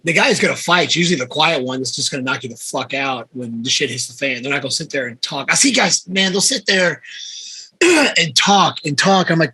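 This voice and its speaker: A man's voice: on the high side, pushed and bright, breathy edge. A man in casual podcast chat, swearing and repeating words as he talks. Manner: fast, profane, repeats words.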